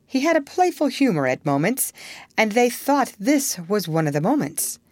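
A woman narrating a storybook in an expressive, measured reading. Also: a little high, no echo.

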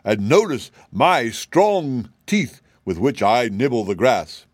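A man's voice: medium pitch, sing-song, takes it slowly, no echo, clean studio sound. A man voicing a proud, vain old male cab horse who talks down with lofty pity. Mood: boastful. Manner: boastful, pitying, lofty.

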